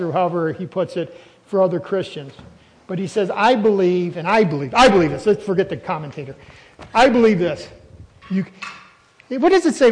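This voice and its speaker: A man's voice: high voice, long reverb tail, rough recording. A man preaching a sermon as a pastor, emphatic and throwing questions at the congregation.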